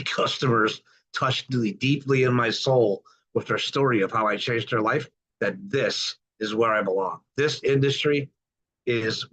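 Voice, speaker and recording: A man's voice: mid-range voice, fairly bright tone, slight background noise. A middle-aged man hosting a podcast on a group video call, upbeat and folksy, welcoming newcomers over and over. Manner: enthusiastic, folksy, repeats welcomes. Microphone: computer mic on a video call. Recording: dull lo-fi call audio.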